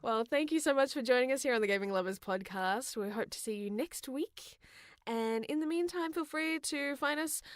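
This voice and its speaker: A woman's voice: high-pitched, expressive, normal speed, no echo, studio quality. A woman co-hosting a gaming podcast in a playful, giggly casual chat. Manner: giggly, playful, hums tunes. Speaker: podcast co-host.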